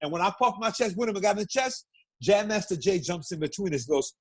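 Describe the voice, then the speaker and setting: A middle-aged man from Brooklyn, a guest telling stories in a casual interview, animated and profane, acting out what people said. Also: sits high, fast, husky. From Brooklyn, New York. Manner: animated, profane storyteller who acts out quotes.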